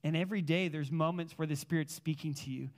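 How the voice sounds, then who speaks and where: Animated storytelling pastor, man. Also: fairly high pitch, fast talker. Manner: animated storytelling, casual filler words. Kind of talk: sermon with personal stories.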